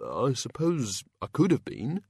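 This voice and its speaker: A man's voice: medium pitch, wildly swooping pitch, unhurried, gravelly, dark tone, slightly rough, dry recording, clean studio sound, exaggerated voice. A man voicing a mild, bewildered male god of hangovers, vague and politely hesitant in an audiobook.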